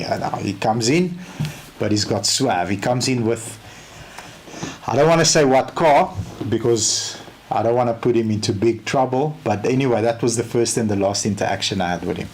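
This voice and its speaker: A South African man giving a casual training talk, telling a story in an animated way and acting out both sides of the conversation. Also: mid-range voice, moderate pace, a little hiss or hum. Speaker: car sales trainer.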